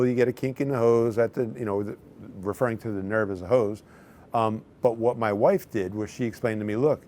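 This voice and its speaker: A man's voice: fairly low pitch, mellow, a little hiss or hum. A middle-aged male chiropractor telling patient stories in a conversational way, now and then acting out what people said. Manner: conversational, acts out patients' lines in quotes. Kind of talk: storytelling talk to camera.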